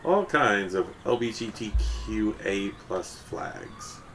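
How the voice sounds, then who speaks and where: A man's voice: on the low side, animated, takes it slowly, a bit bright. A man reading a first-person story aloud in a casual way, correcting himself as he goes. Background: music.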